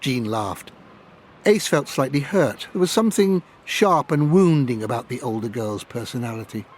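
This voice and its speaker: A man reading a story aloud as an audiobook narrator, with expressive storytelling delivery. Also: moderate pace. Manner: expressive reading, voices characters in high put-on tones.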